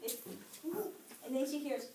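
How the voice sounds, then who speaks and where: A woman with a high voice tells a spooky tale to a live audience in chatty fashion, checking in with her listeners as she goes. She is picked up from a distance in a reverberant room. Steady background noise sits under her voice. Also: unhurried. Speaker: storyteller. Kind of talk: casual spooky storytelling to an audience. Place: public library event room.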